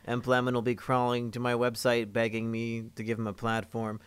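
Smooth-voiced man, teasing mock boasts. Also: medium pitch, little pitch movement, fairly quick, hardly any pauses, no echo. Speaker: podcast co-host. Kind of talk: casual podcast chat.

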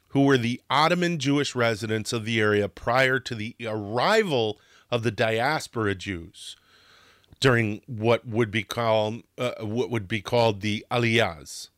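A man's voice: mid-range voice, a bit bright, no room sound. Passionate man narrating history, dry sound. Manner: passionate, gets worked up, swears, restarts sentences. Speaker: history podcast host.

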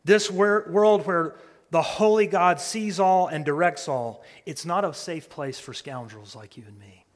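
A male pastor preaching a sermon, swinging from hushed near-whispers to loud proclamation. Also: on the high side, a little slow, in a large hall.

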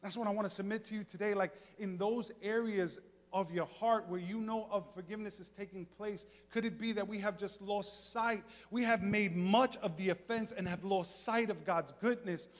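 A male pastor preaching a sermon, moving from quiet talk to fervent shouting. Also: sits high, moderate pace, in a large hall. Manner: builds from quiet to shouting fervor.

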